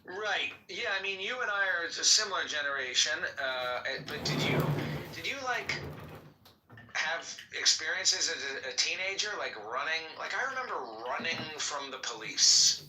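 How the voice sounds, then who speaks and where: A man in casual chat who talks slowly and deliberately, with a slight lisp. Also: on the high side, lively intonation, distant mic, a crowd in the background. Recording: echoey room with faint noise.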